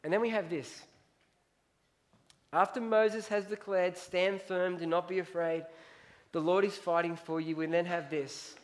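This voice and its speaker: A man preaches to his congregation in a voice that sits high for a man. He leans into key lines, repeating them for emphasis, and reads scripture aloud between his points. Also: fairly even intonation, a little slow, pauses often. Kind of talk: sermon.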